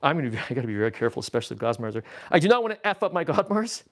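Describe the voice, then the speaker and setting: A man's voice: medium pitch, sing-song, very fast. A man hosting a casual livestream from a toy-filled room, rambling goofily and reading the chat aloud. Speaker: livestream host.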